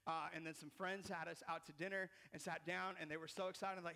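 A man in his thirties, a pastor preaching a casual, animated sermon full of slang and repeated words. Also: fairly high pitch, brisk, vocal fry.

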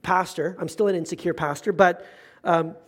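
A middle-aged male pastor giving a conversational, animated sermon, acting out the voices of the people he quotes. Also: sits high, moderate pace.

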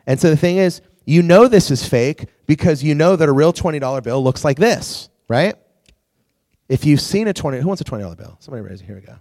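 A man's voice: fairly high pitch, fast, dry recording, clean studio sound. A man preaching to a youth group, telling stories animatedly and acting out quotes. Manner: animated storytelling with acted-out quotes. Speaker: youth pastor.

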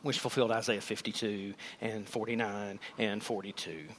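A man's voice: on the low side, little pitch movement, normal speed, a little hiss or hum. A man, preaching a sermon in church in a conversational, joking style with emphatic repetition. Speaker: pastor. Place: church sanctuary with a congregation.

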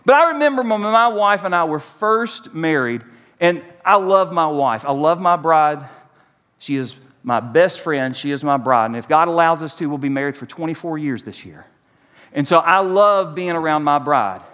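A pastor in his forties preaches to his congregation with a high, animated voice that rises and falls constantly. His delivery is direct and conversational. The sound carries a long reverb from a large church sanctuary. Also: normal speed. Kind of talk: sermon.

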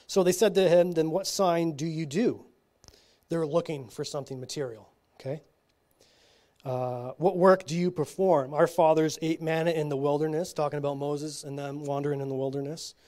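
Fairly high-voiced man teaching scripture. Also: fairly even intonation, a little mellow. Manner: slow reading broken by casual asides and frequent "okay?". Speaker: Bible study teacher. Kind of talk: reading scripture with commentary.

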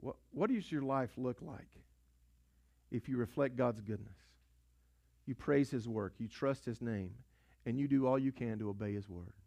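A man's voice: medium pitch, moderate pace, creaky, warm tone, dull audio. A man, a pastor, preaching a sermon in a storytelling way, repeating phrases and asking rhetorical questions. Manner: storytelling, repetitive, rhetorical questions and call-and-response.

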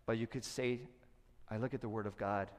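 A middle-aged man preaching a sermon as pastor, who acts out quotes in loud high bursts and sinks to a soft low voice for serious points. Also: fairly even intonation, a little fast. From Korea. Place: church sanctuary. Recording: long hall reverb.

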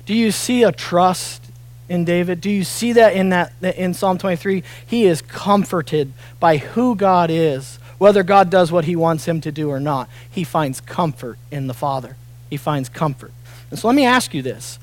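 High-voiced earnest man preaching. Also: expressive, normal speed. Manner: earnest, swings from soft and near tears to loud emphatic peaks. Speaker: pastor. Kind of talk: sermon. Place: church auditorium.

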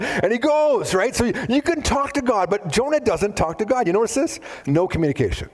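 Animated male preacher. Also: high voice, fairly quick, hardly any pauses. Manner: animated, acts out biblical dialogue in voices. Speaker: pastor. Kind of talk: sermon.

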